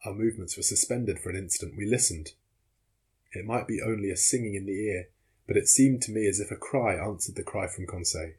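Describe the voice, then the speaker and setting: A man reading a classic adventure novel aloud in measured, dramatic first-person narration. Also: on the low side, darkish tone, breathy edge.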